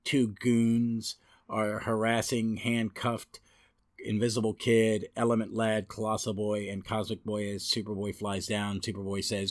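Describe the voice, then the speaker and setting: A man's voice: on the low side, completely flat delivery, measured pace, no room sound, clean studio sound. A man hosting a comic podcast, talking enthusiastically and reading aloud from a reference book with some restarts. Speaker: podcast host. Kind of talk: casual podcast talk.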